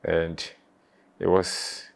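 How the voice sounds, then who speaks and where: Man, very low voice, flat delivery, halting, emotional. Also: gravelly. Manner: halting, repeats words, frequent "you know". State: emotional, near tears at times. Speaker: former footballer reminiscing. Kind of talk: emotional interview reflection.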